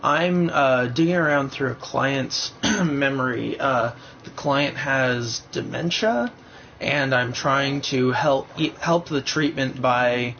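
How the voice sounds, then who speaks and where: Young male streamer, gravelly, muttering and thinking aloud; muffled home mic with faint hiss. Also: medium pitch, takes it slowly, a bit bright. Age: young adult. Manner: thinking aloud, rambling and hesitant. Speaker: livestreamer playing a game. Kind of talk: live gameplay commentary.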